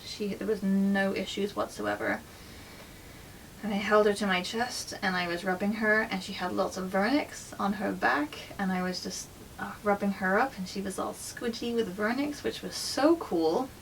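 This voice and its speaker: A woman's voice: mid-range voice, moderate pace, vocal fry, recorded from a distance, slight background noise, poor audio. A woman vlogger telling a personal story in a candid, emotional, chatty way, full of little fillers.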